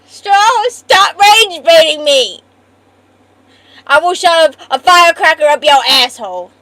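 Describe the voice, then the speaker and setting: A woman's voice: very high voice, animated, slow, sharp tone, no room sound. A woman streamer in casual live-stream chat, trading profane, playful mock-angry banter.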